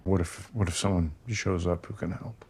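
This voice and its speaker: An actor playing an older, self-reliant survivalist man in a TV drama, speaking in a slow, hushed and halting way. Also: low voice, fairly even intonation, a little hiss or hum, close to an everyday voice. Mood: pleading. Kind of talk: TV drama dialogue.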